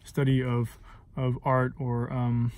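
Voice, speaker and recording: A man's voice: mid-range voice, completely flat delivery, slow, a little mellow, no room sound. A man giving an informal lesson on setting text to music, thinking aloud with many fillers and singing short phrases to illustrate. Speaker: music teacher and composer.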